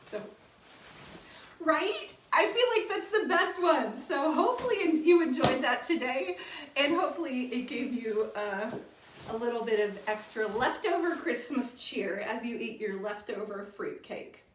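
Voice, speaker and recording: A woman's voice: high-pitched, expressive, measured pace. A woman telling a funny story in a chatty way, often laughing and correcting herself. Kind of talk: casual storytelling. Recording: echoey room, distant mic, faint noise.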